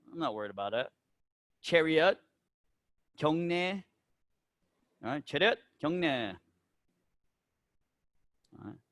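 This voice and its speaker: A man's voice: on the high side, a bit bright, dry recording, studio quality. A man from the American South who runs a taekwondo school, talking his instructors through teaching points in a casual, instructive way and checking in with "right?" and "all right?" as he goes. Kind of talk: instructor meeting talk.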